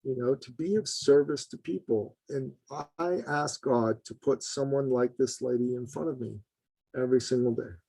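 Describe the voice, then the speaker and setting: A man speaking as a podcast guest, telling an earnest story in an animated way, his voice jumping high for emphasis. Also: no room sound, rough recording. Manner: earnest, addresses host as brother. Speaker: podcast guest, business consultant.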